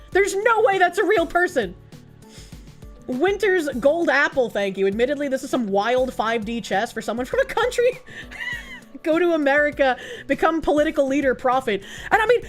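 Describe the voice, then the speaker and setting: A woman's voice: high-pitched, fairly bright tone. Tired, angry profane young woman streamer. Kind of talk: casual livestream commentary.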